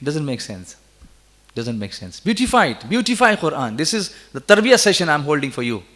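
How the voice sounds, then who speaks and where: High-voiced man preaching in a hall. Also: sing-song, a little fast, pushed and bright. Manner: coaxes the audience to repeat, rises into fervent emphasis. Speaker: Quran reciter and teacher. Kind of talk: interactive religious talk with recitation. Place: large hall at a religious gathering. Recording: reverberant hall.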